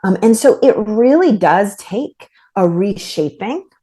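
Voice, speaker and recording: A woman author and trauma therapist, speaking as a podcast guest in a thoughtful, halting way with frequent restarts. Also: mid-range voice, animated, mellow. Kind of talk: reflective podcast conversation.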